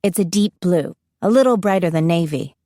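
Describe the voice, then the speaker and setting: A woman's voice: on the low side, expressive, fairly quick, warm tone, dry recording, studio quality. A woman narrating a first-person audiobook in a wry, confiding storytelling manner.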